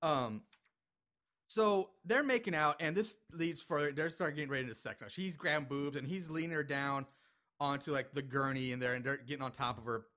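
A man with a fairly high, brisk voice that sounds pushed and bright is casually chatting with a co-host about a horror film. He rambles through the recap, laughing, swearing now and then, and leaning on plenty of fillers.

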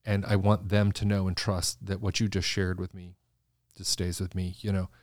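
A man, a designer guest in an interview, telling stories in an animated way and acting out the voices of people he quotes. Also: sits low, moderate pace, no room sound, studio quality. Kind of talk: conversational interview storytelling.

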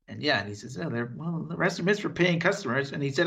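A man co-hosting a podcast, retelling a TV episode in casual chat and slipping into quick voices for the characters. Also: a little high, gravelly. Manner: animated retelling with quick impressions and laughs. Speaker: podcast co-host.

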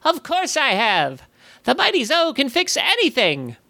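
A man putting on a boastful golden goblin, high and grand. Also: wildly swooping pitch, unhurried, creaky, sharp tone, no echo, full character voice. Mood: gleeful. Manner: grandiose, speaks of himself in third person. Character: boastful cheerful male golden goblin tinkerer.

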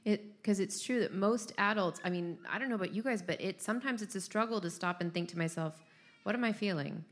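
A woman's voice: medium pitch, fast, few pauses. A woman co-hosting a casual parenting chat, thinking aloud in a relatable way with restarts.

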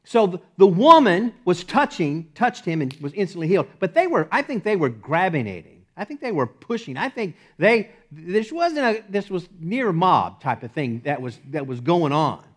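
A man pastor preaching a sermon at a church service, repeating phrases for emphasis and swinging between loud and hushed delivery. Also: high voice, very animated, moderate pace, hardly any pauses.

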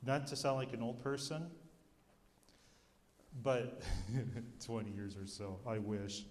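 A man giving a sermon, telling stories with humor in an animated way. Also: mid-range voice, slow pace. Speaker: youth ministry speaker. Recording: long hall reverb.

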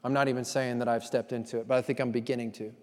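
A man's voice: medium pitch, little pitch movement, racing. Impassioned preacher, man, long hall reverb. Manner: impassioned, swinging between loud emphasis and hushed intimacy; repeats phrases for emphasis. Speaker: pastor. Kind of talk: sermon.

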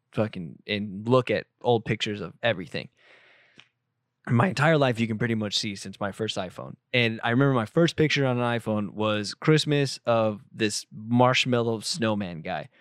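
A man's voice: medium pitch, moderate pace, no echo, clean studio sound. A young man, a photographer, answering viewer questions in casual chat, rambling with lots of swearing and self-corrections.

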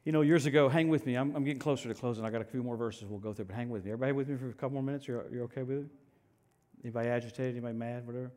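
A male pastor preaching a sermon in an animated, joking way, swinging from loud outbursts to soft asides. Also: mid-range voice, very fast.

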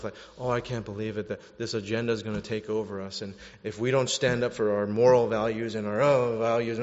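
Animated male preacher in echoey hall. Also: medium pitch. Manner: animated, swings from loud to hushed. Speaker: pastor. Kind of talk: sermon. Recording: dull sound with long hall reverb.

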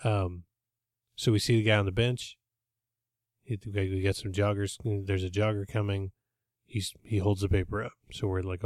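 A man with a low voice retells a TV episode in a loose, rambling chat, restarting his sentences as he goes. The recording is dry and close, with no room sound. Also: fairly even intonation, moderate pace, no echo. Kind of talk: casual chat.

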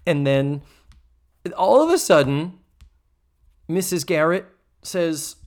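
Male podcast co-host, lively sitcom recap, swings wide in pitch, salty. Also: slow. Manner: animated, acts out quotes, swears freely. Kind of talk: casual chat recapping a sitcom episode.

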